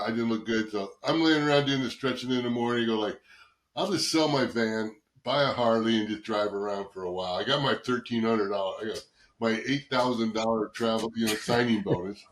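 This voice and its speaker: A man's voice: medium pitch, roomy sound. A man in his sixties, a guest on a podcast, telling long casual anecdotes, swearing and acting out what others said. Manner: rambling anecdotes, swears, acts out quoted voices. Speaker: guest, former football player. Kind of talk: casual storytelling interview.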